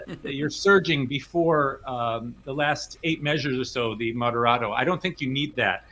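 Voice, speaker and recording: A man judging a music competition, giving animated spoken feedback to a young player. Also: medium pitch. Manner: animated, sings phrases aloud to illustrate. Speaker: competition judge.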